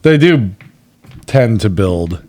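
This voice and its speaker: Low-voiced man in heartfelt podcast chat. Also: sing-song, takes it slowly, mellow. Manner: reflective, gets choked up and emotional. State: near tears. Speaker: podcast co-host. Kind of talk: casual chat.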